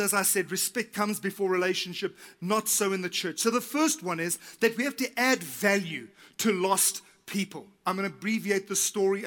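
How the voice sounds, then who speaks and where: A middle-aged man preaches from the pulpit, his voice high and bright. He tells a long story with energy, acting out what people said and repeating his points for emphasis. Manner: animated, acts out quotes, repeats key phrases. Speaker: pastor. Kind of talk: sermon with storytelling.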